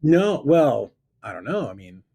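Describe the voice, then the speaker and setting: Husky-voiced man telling a lively story. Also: on the high side, unhurried. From Florida. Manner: lively storyteller who acts out both sides of dialogue. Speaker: guest investor telling a story. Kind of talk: animated anecdote on a talk show.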